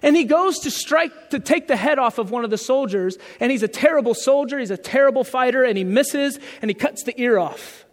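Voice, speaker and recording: A male pastor with a very high voice delivers a sermon in an easygoing, conversational style and keeps putting questions to his listeners. The voice rings out in a large church, with a long reverb trailing each line. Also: lively intonation, a little fast, few pauses. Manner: conversational preaching with rhetorical questions.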